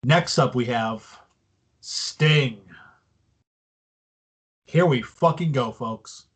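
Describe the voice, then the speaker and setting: A man's voice: mid-range voice, very slow, breathy edge. A man co-hosting a podcast, recapping a wrestling show in loose casual chat with swearing and mocking asides. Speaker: podcast co-host.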